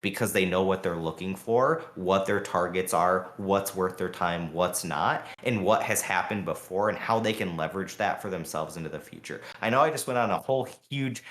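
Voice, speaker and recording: A man co-hosting a podcast, talking fast and heatedly in a long rambling rant full of fillers. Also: deep voice, a bit bright, echoey room. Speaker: podcast co-host. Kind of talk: casual podcast chat.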